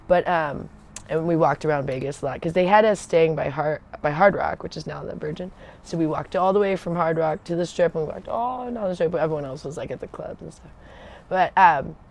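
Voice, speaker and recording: A woman's voice: low voice, a little fast, creaky, a little mellow. A woman telling casual stories from her service days on a livestream, rambling and digressive, losing her thread and laughing often. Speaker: Air Force veteran telling stories on a livestream. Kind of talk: casual storytelling.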